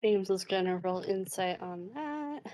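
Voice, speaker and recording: A woman's voice: mid-range voice, expressive, a little slow, warm tone. A woman narrating as game master in a rambling way, with many fillers.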